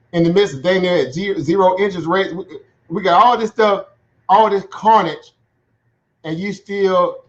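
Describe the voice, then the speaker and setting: A man giving casual livestream commentary on the markets in a chatty way, laughing often and checking in with "right?". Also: sits high. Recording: dull lo-fi sound.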